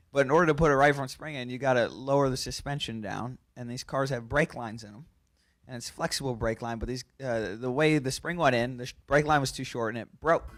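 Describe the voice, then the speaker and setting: At a press conference, a race car driver shares a lively anecdote in a medium-pitched voice, laughing as he goes and quickly restarting his sentences.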